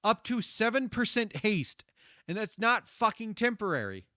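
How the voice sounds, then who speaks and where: A man's voice: high-pitched, big pitch swings, normal speed, sharp tone, no room sound, clean studio sound. A man with a Midwestern accent streaming while gaming, chatting casually, swearing freely and laughing often.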